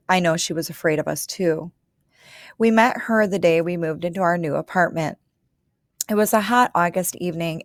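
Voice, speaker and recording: A woman reading a children's storybook aloud in a calm, measured way, telling it as a child narrator. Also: lowish voice, no room sound, studio quality. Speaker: reader.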